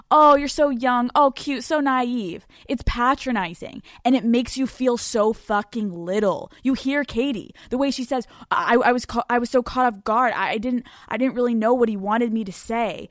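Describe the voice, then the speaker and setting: A woman's voice: on the high side, moderate pace, few pauses, dry recording, studio quality. A young woman hosting a podcast, talking bluntly and emphatically with lots of swearing, in a casual chat and rant. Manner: blunt, heavily profane, emphatic rants. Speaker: podcast host.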